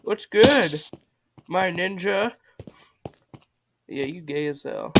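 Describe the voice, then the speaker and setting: A young man giving casual, profane commentary while playing a video game, with loud outbursts. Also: sits high, animated, slow pace, very noisy. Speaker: gamer. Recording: loud game music behind.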